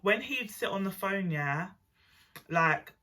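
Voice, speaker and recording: A woman's voice: mid-range voice, slow pace. A young woman with a nasal voice, telling a chatty, slangy personal story. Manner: chatty and animated, slangy, swears; mimics other people's voices. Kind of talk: casual storytime monologue.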